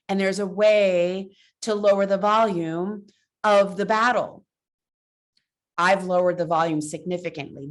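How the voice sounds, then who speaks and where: A middle-aged woman, a love coach, hosting a casual talk to camera in a playful, animated way. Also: medium pitch. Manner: playful and animated, acts out voices with puppets. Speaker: love coach and show host.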